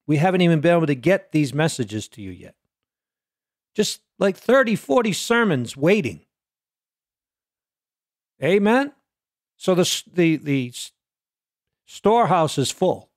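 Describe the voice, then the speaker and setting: A man preaching a sermon, swinging between loud peaks and quiet low lines and asking the listeners question after question. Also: sing-song, a little slow, pauses often, no echo, studio quality.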